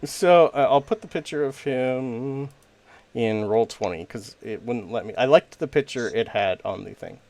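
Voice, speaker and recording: A man's voice: mid-range voice, normal speed, a little mellow, a little hiss or hum. A man narrating a tabletop game as game master, with casual, rambling description and plenty of fillers.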